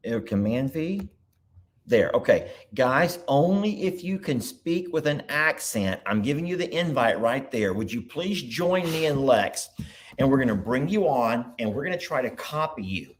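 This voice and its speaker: A man hosting a casual livestream from his computer, chatting loosely and thinking out loud as he goes. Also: medium pitch, lively intonation, moderate pace. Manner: rambling, chatty, thinks aloud. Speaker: livestream host. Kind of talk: casual live chat.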